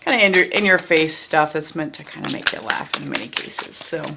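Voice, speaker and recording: A woman's voice: deep voice, brisk, creaky, heavy background noise. A woman doing a casual tarot card reading, chatty and blunt, who often repeats her phrases and swears freely. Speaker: tarot reader.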